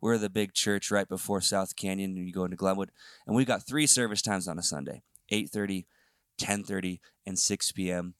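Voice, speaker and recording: A man's voice: low-pitched, fairly quick, a bit bright, smooth, no echo, studio quality. A man co-hosting a church podcast, talking in a casual, upbeat way with easy fillers. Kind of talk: faith podcast conversation. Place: studio. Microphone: podcast microphone.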